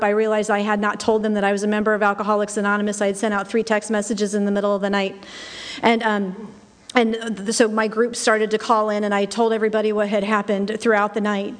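A middle-aged woman tells her own story to a room, leaning on repeated phrases for weight. Her voice keeps to a narrow, even pitch. Long reverb trails each line, as in a big hall. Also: quick pace. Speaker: speaker sharing personal testimony. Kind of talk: spoken personal testimony.

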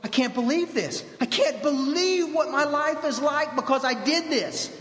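A man acting out an elated man who has crossed a fire, shouting excitedly to his friends to follow. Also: very high-pitched, measured pace, voice pushed up, exaggerated voice. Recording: echoey hall reverb.

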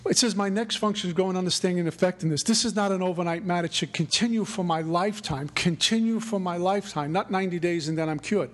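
A man's voice: high-pitched, fast, few pauses. A middle-aged man, sharing his recovery story in an earnest, repetitive way. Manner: earnest, repetitive, mantra-like phrasing. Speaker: recovery meeting speaker. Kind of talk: personal recovery talk.

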